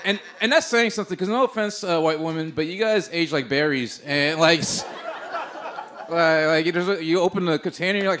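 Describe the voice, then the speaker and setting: Animated high-voiced comedian spinning a story. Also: male voice, a little fast. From Bay Area. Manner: animated, swearing, sudden loud outbursts. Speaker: stand-up comedian. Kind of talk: live stand-up storytelling. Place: stage before a live audience.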